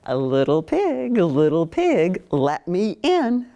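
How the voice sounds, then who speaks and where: A woman voicing the big bad male wolf in a children's fairy tale, in a slow, drawn-out chant, a little away from the mic. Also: on the low side, wildly swooping pitch, dark tone, full character voice. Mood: demanding.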